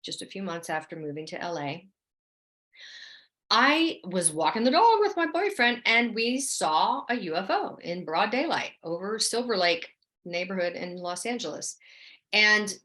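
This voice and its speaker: Chatty and animated, a middle-aged woman who acts recounts her experiences in a casual interview. She hails from New Orleans and quickly slips into a higher voice to act out what people told her.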